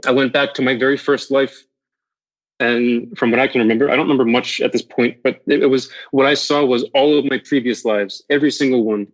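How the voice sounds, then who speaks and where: Male podcast guest, average pitch, candid storyteller, swears, restarts lines, muffled lo-fi sound. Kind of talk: recounting a personal near-death story.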